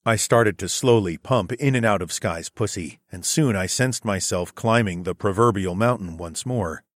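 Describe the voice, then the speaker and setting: Male first-person audiobook narrator, lowish steady voice, dry booth sound. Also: no echo.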